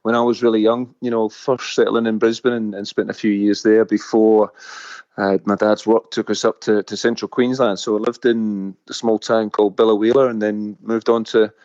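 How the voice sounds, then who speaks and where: A man's voice: on the low side, a little mellow, no room sound. A man in his forties with a Scottish-tinged Australian accent, telling his story as a podcast guest in a friendly, thoughtful way. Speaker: guest football coach. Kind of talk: casual podcast interview. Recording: slightly dull lo-fi audio.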